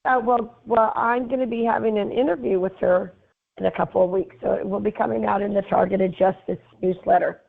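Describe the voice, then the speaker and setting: A woman from Texas with a hoarse, raspy voice, calling in to a show and talking earnestly with many fillers. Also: mid-range voice, steady tone, fairly quick. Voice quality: raspy, smoker-like. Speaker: caller. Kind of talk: casual phone call-in chat. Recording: tinny phone line.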